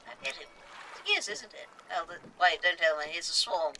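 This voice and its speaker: Bright, playful game streamer. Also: male voice, fairly high pitch, fairly quick, slight background noise, rough recording. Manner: chatty, playful asides. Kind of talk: casual game streaming, reading dialogue aloud.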